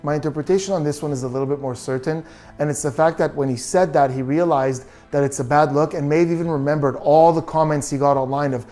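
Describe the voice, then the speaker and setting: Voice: mid-range voice, steady tone, fast talker, mellow, soft background music. A body language analyst giving true crime video commentary, reasoning through details and asking many questions.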